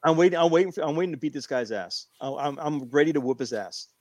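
A man in casual chat, animated and repeating phrases as he tells a long story. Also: fairly high pitch, quick pace, no room sound. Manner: animated, repeats himself while telling a story.

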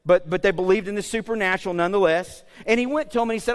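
A male pastor preaching a sermon in a lively, conversational way, with joking asides and frequent checks like "okay?". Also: high-pitched, racing, clean tone, long reverb tail.

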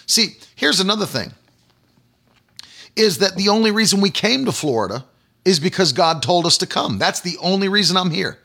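Male evangelist, high bright voice, emphatic repetitive preaching, recorded at home. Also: gravelly. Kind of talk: sermon.

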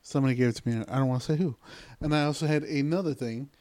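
A man co-hosting a podcast, telling a story in casual chat, repeating himself and trailing off into a low mutter. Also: racing, a little mellow, dry recording, studio quality.

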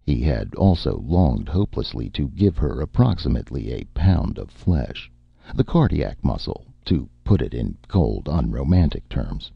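A man narrating an audiobook in a dry, measured storytelling manner. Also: extremely low pitch, big pitch swings, gravelly, breathy edge, no room sound. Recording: dull lo-fi, dry.

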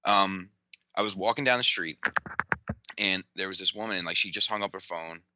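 Rambling man with a low, bright voice. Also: normal speed, no room sound. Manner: rambling, filler-heavy, many likes and ums. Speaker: podcast co-host. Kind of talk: casual podcast banter.

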